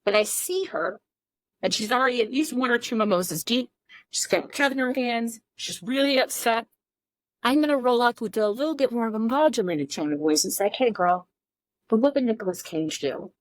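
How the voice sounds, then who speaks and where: Emphatic teacherly woman, fairly high voice. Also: animated, a little fast, no room sound. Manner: emphatic, teacherly, asks rhetorical questions. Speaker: podcast co-host. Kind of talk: explanatory podcast talk.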